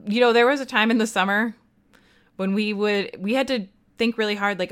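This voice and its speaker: Chatty, smooth-voiced woman podcast host. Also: medium pitch, brisk. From United States. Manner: chatty, animated, self-deprecating. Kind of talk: casual chat.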